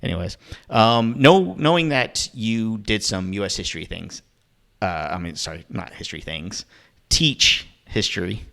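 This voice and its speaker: A man's voice: fairly low pitch, a little slow, vocal fry, a bit bright. A man hosting a podcast, chatting casually in a rambling, self-deprecating way with lots of fillers. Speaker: podcast host. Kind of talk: casual chat.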